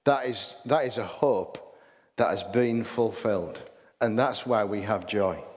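This pastor speaks with a Hull English accent in a voice on the low side, darkish in tone and measured in pace. His chatty sermon is full of rhetorical questions and restarts, recorded with a long hall reverb.

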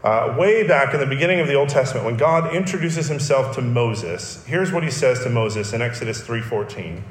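A man's voice: mid-range voice, animated, brisk. Man, sermon, earnest, emphatic, echoey room. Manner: earnest teaching, emphatic repetition. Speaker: pastor.

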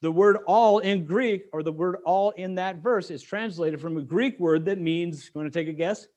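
A man's voice: sits high, normal speed, darkish tone, highs cut off. A middle-aged man preaching a sermon as pastor, explaining scripture in a conversational way with joking asides to the congregation.

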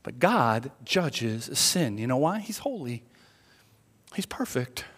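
A man's voice: mid-range voice, big pitch swings, slow. A preaching man in a reverberant church hall. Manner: conversational preaching, swings from quiet confession to loud emphatic points. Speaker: pastor. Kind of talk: sermon. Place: church sanctuary.

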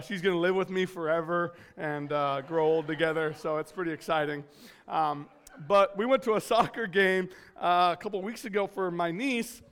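High-voiced man preaching casually. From California. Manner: chatty and self-mocking, many fillers. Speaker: guest preacher at his home church. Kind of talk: casual storytelling sermon.

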